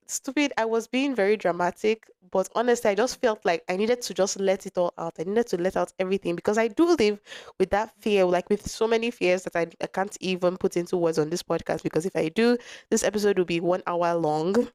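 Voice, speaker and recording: A woman's voice: mid-range voice, fairly quick, a little mellow, clear, resonant tone, no echo, clean studio sound. A young woman hosting a podcast, telling a personal story in a frank, conversational way, with restarts and asides, her voice touched by a lingering cough. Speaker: podcast host.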